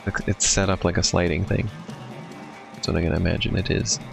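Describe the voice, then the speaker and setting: A man streaming a video game, thinking aloud and reacting quickly as he plays. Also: deep voice, little pitch movement, vocal fry, over music. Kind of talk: casual gameplay commentary.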